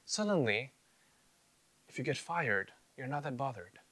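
A man's voice: medium pitch, sing-song, unhurried, a bit bright. A man preaching an expository sermon, emphatic, often repeating phrases and asking rhetorical questions.

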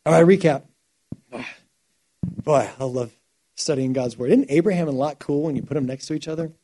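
A male pastor delivering a sermon, his voice sitting somewhat high yet soft and mellow. He tells stories with real energy, swinging from hushed, earnest passages to excited, louder bursts. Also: moderate pace. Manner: animated storytelling, shifting from quiet to loud.

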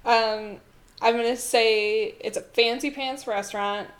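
A woman's voice: on the high side, steady tone, a little slow. A young woman from Ontario, a podcast guest recalling her restaurant job, easygoing and laughing often. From Ontario, Canada. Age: young adult. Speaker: podcast guest, former theme park restaurant worker. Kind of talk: casual podcast chat.

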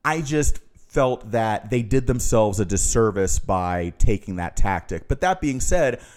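A man's voice: fairly low pitch, expressive, darkish tone. A man co-hosting a podcast, talking casually but earnestly, weighing what works and what doesn't. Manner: earnest, analytical, measured critique. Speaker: podcast co-host.

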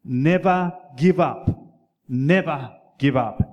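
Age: 60s+. Figure: booming old English statesman as a preacher puts him on. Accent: English. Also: in a large hall, highs cut off. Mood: rousing. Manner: loud, slow and emphatic.

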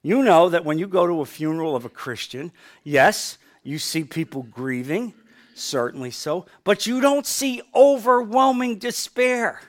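A middle-aged male pastor from New Jersey preaching a sermon, swinging from loud to quiet with emphasis. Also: sits high, lively intonation, unhurried.

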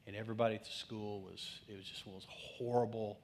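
A middle-aged man, a pastor, telling a personal story in a conversational sermon, swinging between lively asides and hushed moments. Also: on the low side, quick pace.

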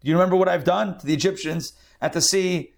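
A man's voice: high voice, quick pace, creaky, voice pushed up. A man voicing God as an exasperated, incredulous male deity who talks in casual speech. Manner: incredulous, colloquial.

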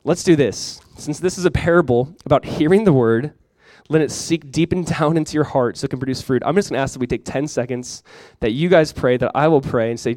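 A young adult man preaching a sermon as pastor, casual and chatty with many fillers, praying softly and slowly at times. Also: medium pitch, no echo. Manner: soft, slow prayer.

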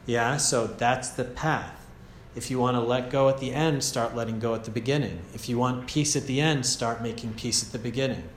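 A man with an American accent giving a gentle, casual meditation teaching at a retreat, often checking in with "yeah?". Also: medium pitch, fairly even intonation, moderate pace, hardly any pauses, slight background noise. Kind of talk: relaxed meditation talk. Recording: echoey room, faint ambience.

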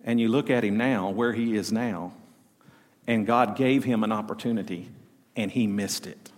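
Here a middle-aged Southern US pastor speaks at a moderate pace with a voice on the low side. His sermon mixes folksy stories with call-and-response from the congregation, and the church sanctuary gives it a long hall reverb.

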